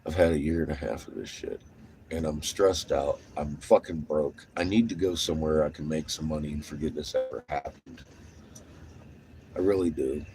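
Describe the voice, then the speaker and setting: A man's voice: very deep voice, normal speed, background noise. A tired man swearing and grumbling through a casual vlog monologue while driving. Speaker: vlogger on the road. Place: inside a vehicle while driving.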